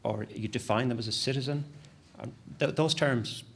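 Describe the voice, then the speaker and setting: A man giving a conference presentation as an academic, lively and self-deprecating, with frequent restarts. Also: mid-range voice, moderate pace, vocal fry, husky.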